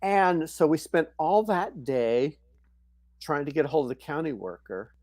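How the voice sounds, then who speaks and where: Older man telling a story, halting. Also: fairly high pitch, lively intonation, darkish tone, no echo. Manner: halting, peppered with "you know" and "um". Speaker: guest, foster and adoptive father. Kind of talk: casual conversational storytelling. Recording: dry close sound.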